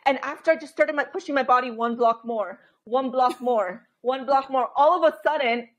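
Woman, thirties, high voice, podcast guest, candid animated storytelling. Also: moderate pace, lo-fi sound. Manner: animated storytelling, frequent laughter and quoted inner voice.

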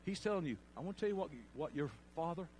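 High, lively preacher man. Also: fast, slight background noise. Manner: storytelling with loud bursts and laughter. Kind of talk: sermon.

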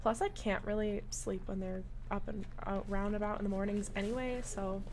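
A woman streaming a game live, commenting in an excitable, profane way and shouting at the game. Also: mid-range voice, moderate pace, a little hiss or hum, low-quality recording.

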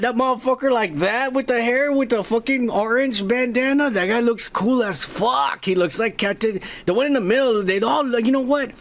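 A man hosting a podcast, tipsy from drinking, reading viewer comments in a rambling, profane, casual way with loud toasts. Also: very high voice. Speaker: podcast host.

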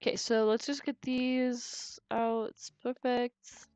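A woman's voice: on the high side, level tone, slow pace, darkish tone, smooth, dry recording, muffled recording. A woman streamer giving live game commentary in a chatty, giggly way, thinking aloud and stumbling over repeated words.

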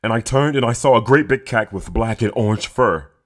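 A man's voice: medium pitch, fairly quick, voice pushed up, close to an everyday voice. A man voicing a small, lost human girl who tells her story eagerly. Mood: excited.

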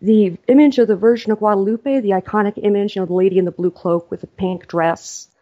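Animated woman telling a story. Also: mid-range voice, a little fast, lo-fi sound. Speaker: author and guest. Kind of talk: storytelling in a podcast interview.

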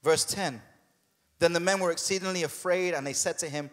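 A man preaching a sermon as a pastor, conversational and humorous, putting on quick voices for the people in his story. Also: on the high side, a bit bright, in a large hall. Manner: conversational and humorous, with quoted asides. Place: church hall.

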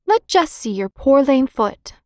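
A capable older girl, brisk and soothing by turns, looking after the little ones in a storybook reading, as a woman puts her on. The voice sounds dry and close. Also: high-pitched, big pitch swings, a little mellow, no echo, voice pushed up.

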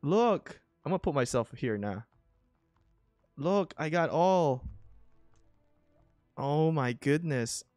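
A man casually commenting on his own gameplay, excitable and swinging between grumbling and thrilled. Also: a little high, slow pace, pauses often, dry recording, studio quality, faint music behind.

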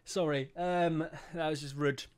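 A young man hosts a game live stream in a loose, chatty way. His voice sits a bit high for a man. He swears freely and reads out chat and subscriber messages as he talks. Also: steady tone, a little slow, smooth. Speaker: livestreamer.

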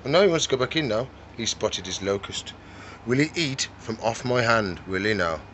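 A man hosting a casual vlog from his reptile shop, chatting and gently coaxing the animals. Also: mid-range voice, animated, normal speed, slight background noise, low-quality recording. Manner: chatty, coaxes the animals in a soft, doting voice.

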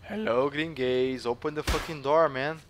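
A Brazilian man with a mid-range voice narrates his game to viewers, excitable and joking, swearing freely. He slides between his own language and Brazilian-accented English. A faint hiss sits under the recording. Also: medium pitch, normal speed. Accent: Brazilian Portuguese. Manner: excitable, jokey, swears a lot, mixes in English. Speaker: gaming YouTuber. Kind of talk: gameplay commentary to viewers.

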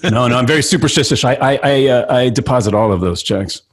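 A man in his fifties, from New York City, chatting playfully as an actor guest in an interview, joking and animated. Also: mid-range voice, fast. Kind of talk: casual interview chat.

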